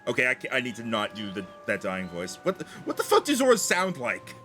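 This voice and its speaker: A young man streams a game and jokes and swears his way through it. His pitch leaps all over and his voice is bright and ringing. Faint game music plays behind him. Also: brisk. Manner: animated, joking, swears freely. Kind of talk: casual gameplay commentary.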